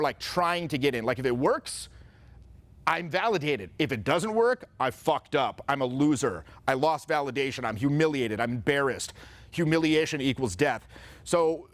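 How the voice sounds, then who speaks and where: A male social confidence coach gives a casual motivational talk, telling stories and offering advice in an animated, profane way with frequent swearing. His voice sits a little high for a man.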